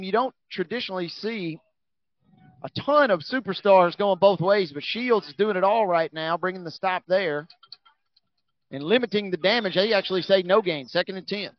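Male play-by-play caller, higher voice, energetic, dry lo-fi broadcast sound. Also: no echo. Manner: energetic, rising on big plays. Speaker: play-by-play announcer. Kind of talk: high school football commentary.

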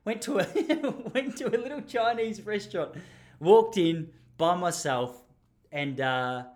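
A man's voice: high voice, slow pace. A young Australian man telling a rambling story in a casual monologue, chatty with lots of restarts.

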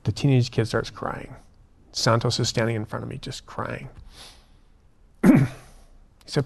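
A man, a prison minister and guest, telling a story in an earnest, animated way and acting out the dialogue. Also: medium pitch, unhurried, creaky, pauses often. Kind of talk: conversational storytelling.

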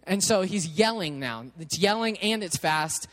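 Guy with a pretty high voice telling a story in a sermon, chatty, keeps restarting. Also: lively intonation, unhurried, a bit bright. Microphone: headset mic.

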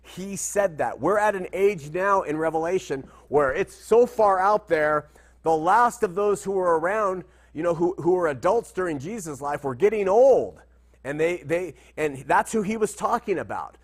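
A man's voice: sits high, animated, moderate pace. A man teaching through Bible verses in a conversational style, often asking rhetorical questions. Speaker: preacher.

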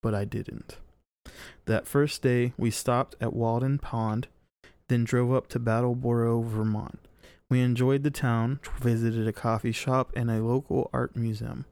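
A man's voice: medium pitch, flat delivery, measured pace, a little mellow, smooth, no room sound. A man hosting a podcast, reading a listener's story aloud in a casual way and laughing and swearing at it between sentences. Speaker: podcast host.

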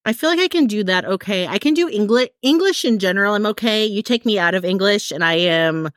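A woman's voice: mid-range voice, expressive, fairly quick, no echo. Chatty American woman co-host, casual and hedging, dry close mic. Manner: chatty, hedging, many fillers. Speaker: podcast co-host. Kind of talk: casual chat.

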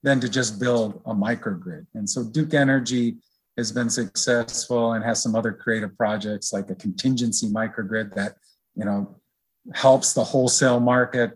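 Husky-voiced man explaining at ease. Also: on the low side. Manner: relaxed, rambling explanations with many fillers. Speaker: research director guest. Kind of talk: conversational interview.

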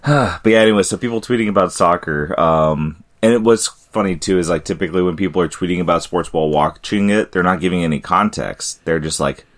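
A man with a very low voice co-hosts a podcast. He talks in a relaxed, chatty way and laughs often. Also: fairly quick, hardly any pauses. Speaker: podcast co-host. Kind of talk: casual chat.

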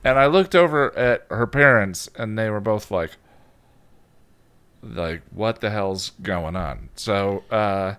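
A young man co-hosting a podcast, rambling through anecdotes in casual chat and sometimes jumping into a squeaky voice to play a toddler. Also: takes it slowly, a bit bright, clear, resonant tone. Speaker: podcast co-host.

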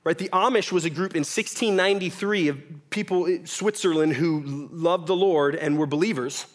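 A man's voice: a little high, moderate pace. A young man preaching a sermon in a church, casual and joking, often asking "right?". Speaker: pastor. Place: church hall with audience.

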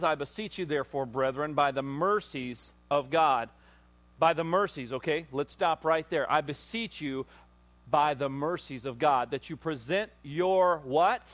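A man's voice: fairly high pitch, measured pace, fairly bright tone. Male pastor preaching, fervent and rising. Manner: preaching with rising intensity, calls for audience response; conversational asides with fillers and restarts. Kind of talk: sermon.

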